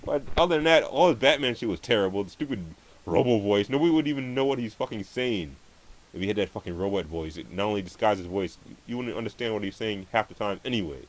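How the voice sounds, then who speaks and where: A man with a low-pitched voice rants in a profane, rambling stream. He swears constantly and trips over his words, restarting sentences as he goes. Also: expressive, fast talker, low-quality recording. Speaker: vlogger ranting about movies. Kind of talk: angry profane movie rant.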